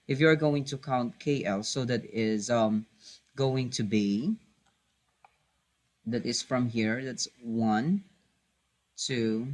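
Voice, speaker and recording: A man teaching a math lesson, hesitating with many fillers, correcting himself and patiently repeating key points. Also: mid-range voice.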